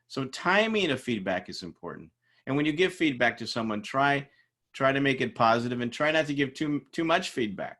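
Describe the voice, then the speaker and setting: A man's voice: medium pitch, a little fast. A middle-aged man teaching a class in a casual lecture style, telling workplace stories and acting out the people in them. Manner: animated storytelling, acts out quoted people. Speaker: instructor. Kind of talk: informal lecture with anecdotes.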